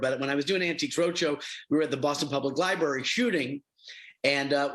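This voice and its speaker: A man's voice: mid-range voice, a bit bright, low-quality recording. A middle-aged man, a TV host, answering interview questions as an affable storyteller. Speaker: reality show host.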